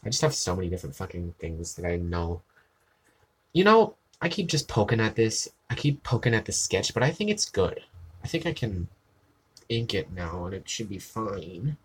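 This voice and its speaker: A man's voice: lowish voice, big pitch swings, moderate pace, slightly rough. A tired man chatting casually on a live art stream, rambling and self-deprecating, with casual swearing.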